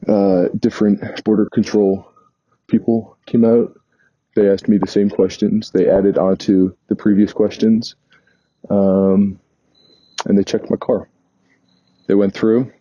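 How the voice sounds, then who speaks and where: A man's voice: fairly low pitch, little pitch movement, measured pace, pauses often, mellow, no room sound. A man from New York casually telling a meandering travel story, often stopping to correct himself. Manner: meandering, self-correcting, chatty. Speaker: vlogger. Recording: dull lo-fi sound.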